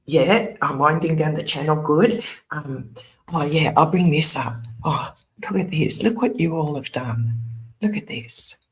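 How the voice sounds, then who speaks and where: A woman's voice: low voice, measured pace, slight background noise. An older woman, hosting her own channel in a casual, rambling chat, laughing often and tossing in sarcastic asides. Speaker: YouTube channel host.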